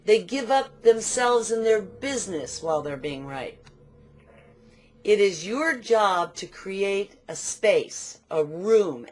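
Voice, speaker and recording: An older woman giving a motivational business training talk, telling stories and slowing down to stress key points. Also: mid-range voice.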